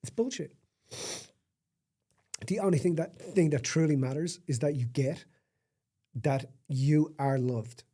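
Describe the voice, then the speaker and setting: A man's voice: fairly high pitch, a little slow, dark tone. A middle-aged man, a podcast guest telling a candid personal story, emphatic and raw, with blunt swearing.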